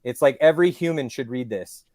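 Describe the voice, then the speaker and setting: A man's voice: medium pitch, brisk, no echo, studio quality. A man who is a guest on a podcast, talking at length in casual chat, telling stories and making his points with animation. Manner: long-winded, animated storyteller.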